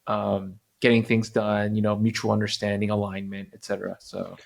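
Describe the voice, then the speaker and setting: A man's voice: fairly low pitch, completely flat delivery, moderate pace, creaky. A man hosting a casual podcast conversation, asking friendly questions in loose, filler-laden phrasing. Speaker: podcast host, finance executive.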